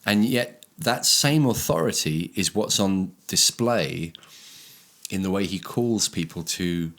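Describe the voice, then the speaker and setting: A man's voice: deep voice, animated, fairly bright tone. A man, a church leader reflecting on a Sunday sermon in casual chat. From England, Brighton. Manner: reflective, explaining with slow emphasis.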